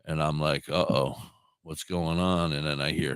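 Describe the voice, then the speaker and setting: Deep-voiced man with a sore throat on a talk radio show, telling a story with swearing and acted-out dialogue. Clear, dry sound. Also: normal speed, dry recording. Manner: animated, acts out quoted dialogue, swears freely. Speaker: puppeteer and live streamer.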